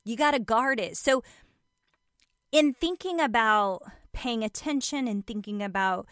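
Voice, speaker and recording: Woman with a higher voice giving a pumped-up self-help talk, repeats herself a lot, dry sound. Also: unhurried, fairly bright tone, dry recording. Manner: emphatic and repetitive, addresses listener as "girl". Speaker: motivational speaker.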